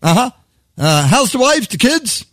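A man's voice: very high-pitched, sing-song, unhurried, a bit bright, dry recording, clean studio sound, pitched above the performer's own voice, heavily acted. A man voicing God as a chummy, profane deity with a Brooklyn accent, chatting on the phone. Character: God, brash fast-talking deity on the phone.

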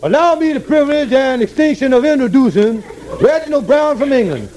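A smooth-talking schemer. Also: male voice, extremely high pitch, lively intonation, darkish tone. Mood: fawning. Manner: fast-talking, fractured grammar and mixed-up big words. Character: scheming smooth-talking male lodge brother. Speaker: con man steering his friend. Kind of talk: 1950s radio sitcom acting.

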